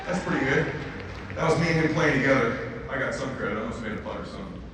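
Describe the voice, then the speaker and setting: A man's voice: mid-range voice, lively intonation, racing, noisy background. A middle-aged man giving an emphatic motivational keynote, repeating lines for weight. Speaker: motivational speaker. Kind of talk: arena keynote speech. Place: large arena. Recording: echoey arena, far from the mic.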